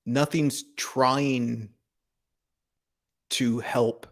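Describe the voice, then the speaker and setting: Slow, gravelly-voiced man, calm spiritual talk. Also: mid-range voice. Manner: calm, contemplative, asks rhetorical questions, laughs softly. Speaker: spiritual teacher hosting a live broadcast.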